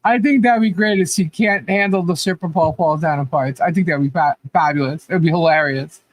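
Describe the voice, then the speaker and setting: A woman's voice: fairly low pitch, brisk. A woman co-hosting a live stream in casual chat, laughing often as she talks. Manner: giggly, laughs often while talking.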